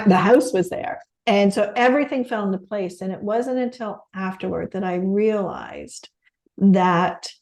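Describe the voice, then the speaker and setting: A woman's voice: on the low side, a little mellow. A middle-aged Canadian woman, a podcast guest, sharing a heartfelt personal story in an earnest way. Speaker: podcast guest, stress coach and author.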